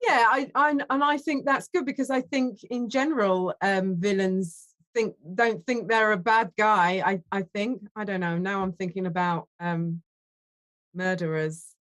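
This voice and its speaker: A woman co-hosting a casual TV review chat, thinking aloud with pauses and self-corrections. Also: medium pitch, a bit bright. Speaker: film and TV critic co-host.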